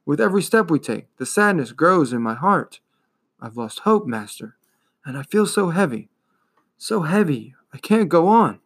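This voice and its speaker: A man's voice: a little high, sing-song, moderate pace, fairly bright tone, husky, voice pushed up, full character voice. Man voicing a sorrowful little talking horse. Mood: despairing. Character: weary despairing little male horse, loyal. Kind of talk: storybook reading.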